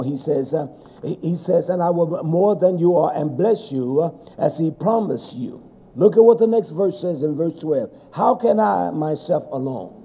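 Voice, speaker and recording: A middle-aged man preaching a fervent sermon, swinging between loud shouting and low, quiet asides.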